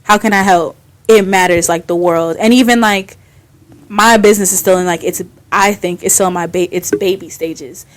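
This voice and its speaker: Young female podcast guest, lively and slangy, fairly low voice, laughs a lot. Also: moderate pace. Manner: animated, laughs often, slangy. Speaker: guest, skincare business owner. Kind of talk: casual podcast interview.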